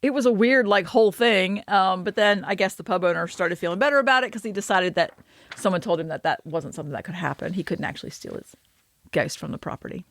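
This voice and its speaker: A woman's voice: fairly low pitch, expressive, fast talker, fairly bright tone, no echo. A woman co-hosting a podcast, chatting casually with fillers and frequent laughs. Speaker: podcast co-host.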